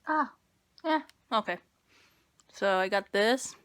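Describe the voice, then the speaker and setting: A young woman with a bright, clear tone talks her way through a makeup tutorial. She rambles and pokes fun at herself as she applies each product. Her speech is casual and unscripted. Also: mid-range voice, animated, slow pace. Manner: rambling self-deprecating, talks while applying makeup. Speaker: beauty vlogger.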